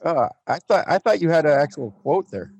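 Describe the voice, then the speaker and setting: A man co-hosting a podcast, reacting with quick, joking interjections in casual chat. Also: fairly high pitch, big pitch swings, vocal fry, a little mellow, husky, no echo, dull audio. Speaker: podcast co-host.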